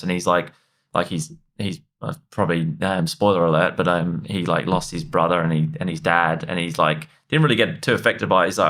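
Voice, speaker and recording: A man's voice: deep voice, fairly even intonation, brisk, a bit bright. A man co-hosting a podcast, chatting eagerly and agreeably about work habits. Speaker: podcast co-host, real estate agent. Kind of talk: casual podcast chat.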